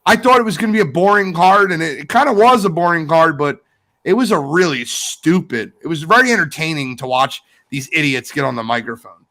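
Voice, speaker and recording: Guy on a sports podcast ranting hard, high voice that jumps all over, bright edge. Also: expressive, brisk. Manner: ranting, exasperated, emphatic. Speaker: podcast co-host. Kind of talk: heated sports podcast talk.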